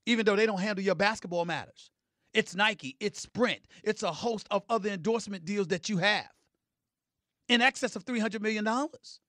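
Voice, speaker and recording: A middle-aged man giving heated sports commentary, emphatic, swinging between loud declarations and low, intense remarks. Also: moderate pace, no room sound, studio quality.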